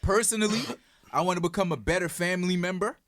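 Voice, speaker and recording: A man's voice: sits high, fast talker, a bit bright, no echo, studio quality. A young man hosting a podcast, teasing his friends in playful, slangy casual chat. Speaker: podcast host.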